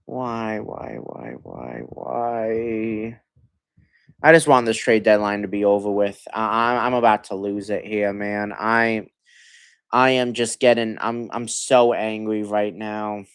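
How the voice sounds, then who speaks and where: A hoarse young man ranting as a sports livestream host, stammering and sighing, swinging between muttered complaints and loud outbursts. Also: fairly low pitch, fairly even intonation, unhurried. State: hoarse from yelling. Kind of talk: frustrated fan rant on a livestream.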